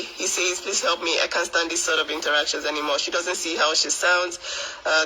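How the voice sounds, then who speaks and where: A man with a high, very sharp and forceful voice recounts an online quarrel in a rambling, filler-laden way. He sounds worn out, and there is a faint hiss behind him. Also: low-quality recording. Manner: rambling, filler-heavy retelling. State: exhausted. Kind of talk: casual recap of an online dispute.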